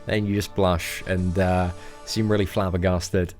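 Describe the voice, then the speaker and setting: A man's voice: low voice, little pitch movement, unhurried, a little mellow, faint music behind. A man in his twenties with a fairly posh English accent, chatting casually as he answers viewer questions on a live stream. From England. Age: 20s.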